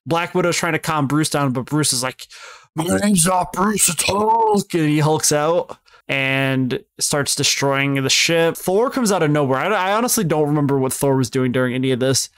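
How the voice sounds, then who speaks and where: Rambling young man recapping with smooth voice. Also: on the high side, moderate pace, a bit bright, dry recording. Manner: rambling, self-correcting recap with laughs. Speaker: podcast co-host explaining films. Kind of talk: casual podcast chat.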